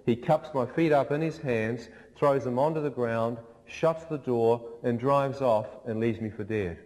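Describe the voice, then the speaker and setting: A man's voice: medium pitch, unhurried, a little mellow. A man giving a dramatic testimony in a church, telling a vivid story and acting out the voices of others. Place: large church. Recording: long reverb in a large church.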